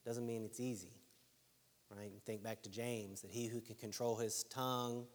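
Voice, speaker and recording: A man preaching a sermon in a relaxed, conversational way who keeps checking in with his listeners. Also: lowish voice, a little fast, a little hiss or hum. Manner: conversational, keeps asking "right?". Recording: long hall reverb.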